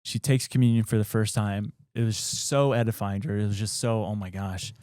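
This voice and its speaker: A man's voice: lowish voice, fairly quick, warm tone, clean tone, dry recording, clean studio sound. A man hosting a podcast, retelling an old story in a loose, rambling way full of fillers. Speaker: podcast host. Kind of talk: casual storytelling.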